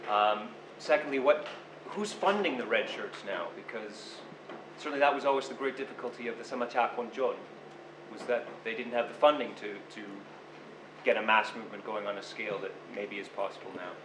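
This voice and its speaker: A man's voice: on the low side, a little fast. A man in the audience puts several questions in an articulate, orderly way. His voice echoes around a lecture hall, and noise stays audible underneath. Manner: articulate, asks layered questions. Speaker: audience member. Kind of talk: public Q&A question. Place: university lecture room.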